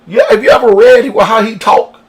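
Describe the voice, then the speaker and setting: High-voiced emphatic preacher man. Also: moderate pace, husky. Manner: emphatic preaching, rhetorical questions, call and response. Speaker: pastor. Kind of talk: radio sermon.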